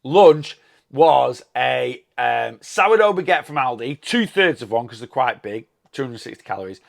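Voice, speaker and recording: Man, gravelly voice, chatty vlogger, rambling, enthusiastic, mid pitch. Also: animated, measured pace. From England. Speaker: weight loss vlogger. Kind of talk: casual chatty vlog.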